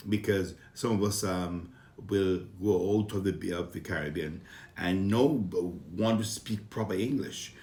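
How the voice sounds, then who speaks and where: In an echoey room, a man speaks in a low, darkish, unhurried voice with a Vincentian accent. He's a comedian from Saint Vincent reflecting earnestly and casually on how he grew up, occasionally heated, with many fillers and restarts.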